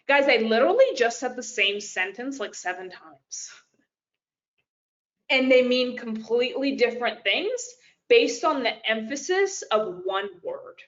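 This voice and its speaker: A woman business coach giving a live webinar presentation, talking directly and casually to her audience with frequent fillers. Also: fairly high pitch. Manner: chatty and direct, addresses "you guys", frequent fillers. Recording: lo-fi webinar audio.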